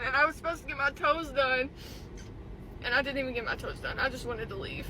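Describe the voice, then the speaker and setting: A young woman with a high voice vents indignantly, piling on fillers as she talks. She films herself in a car, and clear road and engine noise runs behind her. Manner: upset, indignant, fast filler-heavy talk. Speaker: TikTok poster recounting a salon visit. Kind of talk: venting selfie video.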